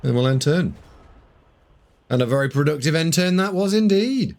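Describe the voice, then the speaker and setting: A man's voice: on the high side, animated, normal speed, darkish tone. A man streaming a board game live, bantering and teasing with his chat in casual commentary.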